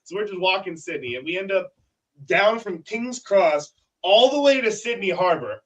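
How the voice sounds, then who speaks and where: A man's voice: high-pitched, expressive, moderate pace, recorded from a distance, highs cut off. A man, a wrestler in a tag team, chatting casually and telling stories at length. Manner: talkative storyteller. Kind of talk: casual interview chat.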